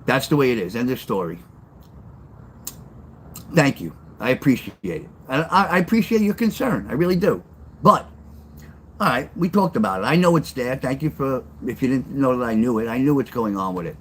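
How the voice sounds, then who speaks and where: A man's voice: mid-range voice, big pitch swings, moderate pace, fairly bright tone, a little hiss or hum. Blunt older New man on a livestream. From New York. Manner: blunt, rambling, repeats himself. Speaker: livestream host and storyteller. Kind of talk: casual livestream chat with chat readers.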